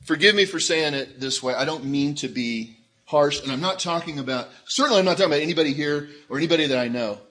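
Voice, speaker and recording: A man preaching a sermon in an animated way, acting out the voices of people in the story he tells. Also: on the high side, fast. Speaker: pastor.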